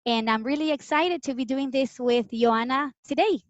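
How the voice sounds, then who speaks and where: A woman with a British English accent introduces herself as a guest interpreter, her voice sitting a little high. She speaks earnestly and in a friendly way, with light filler words. The sound comes over a video call and is somewhat muffled and completely dry. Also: normal speed, dry recording. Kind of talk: casual self-introduction.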